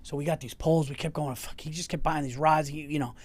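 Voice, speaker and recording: Brief: male podcast host, slightly high voice, calm and easygoing storyteller. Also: fast, dry recording. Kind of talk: casual podcast chat.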